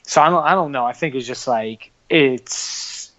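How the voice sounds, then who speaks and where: A man chatting casually on a podcast, halting and repeating his words as he talks. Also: medium pitch, fairly bright tone, muffled recording.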